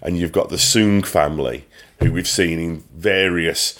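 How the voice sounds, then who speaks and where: A man co-hosting a podcast, recapping a TV episode in casual chat, rambling with many pauses and restarts. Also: deep voice, fairly bright tone. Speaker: podcast co-host.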